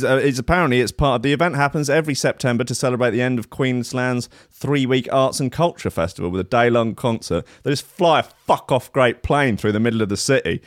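A man's voice: medium pitch, smooth, no room sound, studio quality. A man hosting a live radio show, chatting in a rambling, irreverent way with plenty of swearing. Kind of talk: casual live radio chat.

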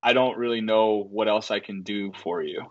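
Heard through lo-fi audio, this man's voice sits on the low side and moves at a moderate pace. A record label owner guesting on a podcast, he chats casually and tells animated stories laced with frequent profanity and fillers.

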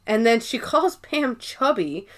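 A woman with a fairly high voice co-hosts a casual podcast recap. She retells scenes in an animated way, slipping into quoted lines and swearing freely. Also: slow pace. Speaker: podcast co-host. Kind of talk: casual episode recap chat.

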